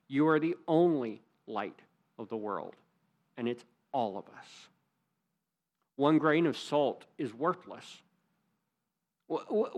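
Slow, emphatic preaching man. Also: mid-range voice, a little mellow, dull audio. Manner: earnest, emphatic preaching with rising stresses. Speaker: pastor. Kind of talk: sermon.

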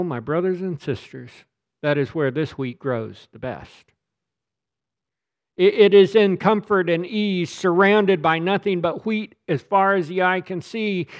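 A man's voice: a little high, dull audio. A man preaching a sermon as pastor, speaking emphatically and often repeating words as he presses a point.

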